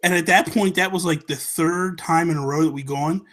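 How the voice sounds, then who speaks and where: A man co-hosting a casual podcast, telling a long story and acting out each person in it. His voice sits a little high, and it rises and falls as he plays the different characters. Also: a little fast. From United States. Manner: animated storyteller, acts out the people in his story. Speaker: podcast co-host.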